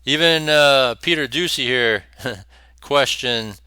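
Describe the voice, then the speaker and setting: A man's voice: medium pitch, takes it slowly, sharp tone, clean tone, no room sound. A man hosting a commentary show, talking bluntly and profanely with scornful laughs between points. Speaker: host. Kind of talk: opinionated commentary over clips.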